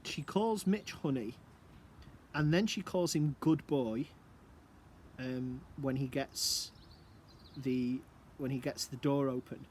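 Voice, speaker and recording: A man's voice: medium pitch, slow, pauses often, a little mellow, a little hiss or hum. Chatty man teaching from home. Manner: chatty, musing, asks rhetorical questions. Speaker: English teacher. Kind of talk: recorded lesson explaining a play.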